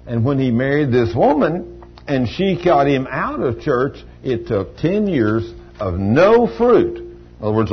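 A man's voice: mid-range voice, highs cut off, a little hiss or hum. An older man preaching a sermon in a folksy storytelling manner, with plain everyday grammar.

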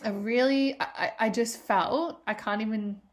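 A woman's voice: a little high, moderate pace. Female host, 30s, loose unscripted solo podcast talk, emotional and profane. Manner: emotional, rambling, swears freely.

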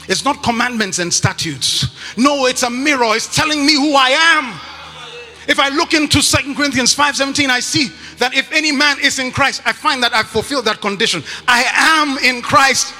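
A man preaching a sermon to a congregation, emphatic and often shouting, repeating his phrases for effect. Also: very high-pitched, normal speed, long reverb tail.

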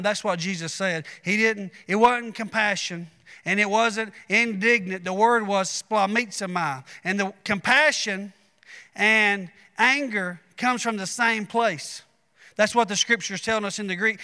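A man's voice: high voice, a little slow, bright, forceful tone, clean tone, long reverb tail. A man, preaching a sermon in a folksy, conversational way with asides to the congregation. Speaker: pastor.

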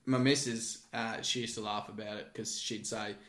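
An Australian man hosting a casual podcast chat, telling bouncer stories bluntly, with heavy swearing and animated delivery. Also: lowish voice, normal speed. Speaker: podcast host, former bouncer. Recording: echoey room.

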